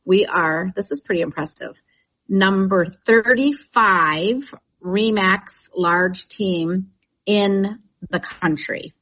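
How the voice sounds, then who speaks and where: A woman's voice: medium pitch, takes it slowly, a bit bright, breathy edge, highs cut off. A woman who leads a real estate team, talking in a chatty, enthusiastic way with many restarts in a radio interview.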